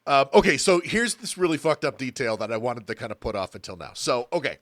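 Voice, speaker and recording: A man's voice: medium pitch, very animated, fast, fairly bright tone, no echo. A man co-hosting a podcast, talking casually and bluntly about an old film and swearing freely. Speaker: podcast co-host.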